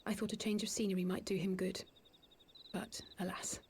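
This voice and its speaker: An actress voicing a melancholy, reflective young woman in a game cutscene, speaking in a hushed half-whisper. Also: medium pitch, little pitch movement, moderate pace, a little hiss or hum, lightly acted. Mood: wistful.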